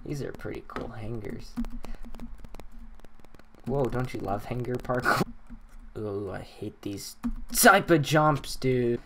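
A man giving casual gameplay commentary at his computer, muttering to himself with sudden excited outbursts. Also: medium pitch, slow, long pauses, crowd noise. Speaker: gaming channel host.

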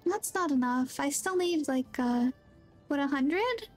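A woman's voice: sits high, lively intonation, a little slow, soft background music. A woman livestreaming a game, chatting casually and thinking aloud, a little drowsy and yawny. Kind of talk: casual gameplay chat.

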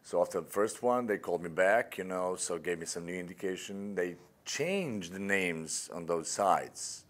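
A man's voice: low-pitched, animated, moderate pace, few pauses. A man with a Serbian accent, a Serbian native speaker, chatting in an interview and rambling with lots of fillers. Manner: rambling with many fillers, like and you know. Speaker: actor guest. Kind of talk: casual interview chat.

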